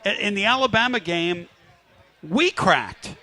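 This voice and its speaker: A man hosting a live sports talk radio show from a restaurant, talking loud and hyped as he works up the crowd. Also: high voice, expressive, unhurried. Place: live remote broadcast at a riverside restaurant.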